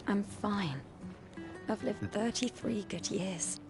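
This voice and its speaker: A calm, resigned woman. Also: mid-range voice, takes it slowly, over loud music. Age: 30s. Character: calm resigned young woman, gently reassuring. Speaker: game character.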